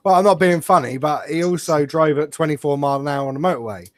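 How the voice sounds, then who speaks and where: A man's voice: a little high, fast, no room sound. A young British man co-hosting a casual podcast, swearing freely and ribbing his mates. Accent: British English. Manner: sweary, mocking banter. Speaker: podcast co-host. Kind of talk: casual chat.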